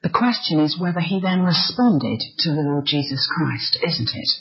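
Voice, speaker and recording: A woman's voice: low-pitched, sing-song, moderate pace, breathy edge. A woman preacher telling a personal story in an earnest sermon style. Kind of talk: sermon testimony. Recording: slightly muffled recording.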